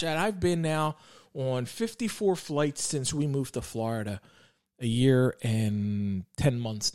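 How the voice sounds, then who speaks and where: A man in his thirties with a slightly high voice, speaking in a reflective devotional way. He is earnest and unpolished, often doubling words and starting phrases again. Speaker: podcast guest sharing faith reflections.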